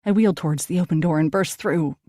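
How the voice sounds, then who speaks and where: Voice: mid-range voice, fast, mellow, dry recording, studio quality. An audiobook narrator reading a first-person ghost story, turning dramatic at tense moments.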